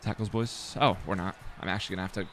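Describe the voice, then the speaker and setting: A man's voice: deep voice, fairly even intonation, fast, fairly bright tone, a little hiss or hum. A young man muttering casual commentary to himself while streaming a football video game, self-deprecating and swearing.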